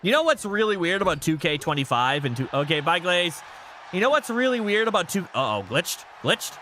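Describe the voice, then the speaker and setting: A man streaming a wrestling video game, chatting casually and reacting loudly, swearing at the action and cooing to his pets between matches. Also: high-pitched, brisk, a little hiss or hum. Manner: excitable, swears, baby-talks to pets. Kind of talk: casual gaming commentary.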